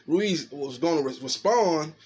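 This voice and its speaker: A middle-aged man giving casual, animated boxing analysis, talking fast and tagging his sentences with "man". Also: a little high, breathy edge. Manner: fast, animated, filler-heavy talk with repeated "man". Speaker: boxing commentator.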